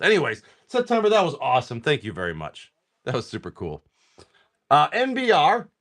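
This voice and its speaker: A young man rattles off card names in quick lists and jokes with his chat as he opens packs on a live stream. His pitch swings widely, jumping up and down as he talks. The delivery is loose and rambling. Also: wildly swooping pitch, fairly bright tone. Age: young adult.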